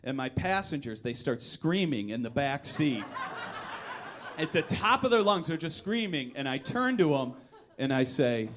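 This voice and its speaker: A young man performing a live one-man comedy story on a club stage, animated, breaking into shouts and high-pitched voices for quoted people, with the audience laughing. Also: a little slow. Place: live music venue stage.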